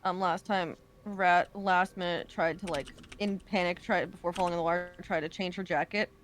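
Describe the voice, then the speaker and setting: A woman's voice: fairly low pitch, steady tone, moderate pace, slight background noise. A woman chatting and laughing easily during a tabletop game session. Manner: chatty, giggly. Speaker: player. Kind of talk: casual tabletop game chat.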